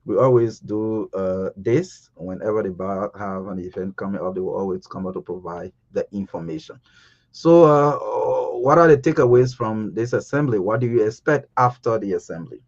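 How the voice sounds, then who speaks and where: A man hosting a radio breakfast show, speaking briskly and conversationally. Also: fairly low pitch, highs cut off. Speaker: radio host. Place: radio studio.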